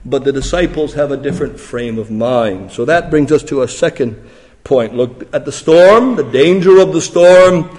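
Dramatic preacher in a reverberant hall. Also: male voice, a little high, expressive, a little slow. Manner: dramatic, swings from hushed to loud emphatic questions. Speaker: pastor. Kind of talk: sermon.

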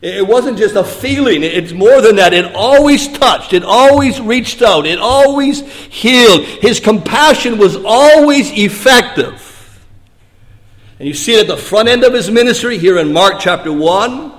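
A man preaching a sermon as pastor. He moves between hushed, low passages and raised, emphatic lines. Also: expressive, unhurried, long reverb tail.

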